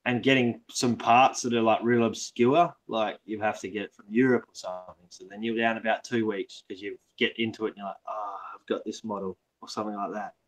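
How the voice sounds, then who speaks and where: A man's voice: on the low side, fairly even intonation, brisk, hardly any pauses. A man chatting as a guest, hesitant, with a loose, easygoing delivery. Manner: loose, hesitant, lots of ums. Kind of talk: casual chat. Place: online video call.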